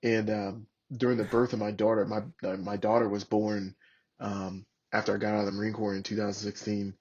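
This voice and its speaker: A man's voice: on the low side, level tone, brisk, darkish tone, slightly rough, lo-fi sound. A man hosting a podcast, a Marine veteran, chatting in a laid-back way and swearing casually. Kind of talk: casual chat.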